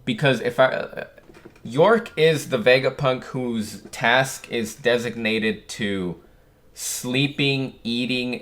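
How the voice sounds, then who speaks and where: A young man hosting a manga reaction, muttering through the pages and breaking into loud, surprised exclamations. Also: fairly low pitch. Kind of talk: reading aloud and reacting.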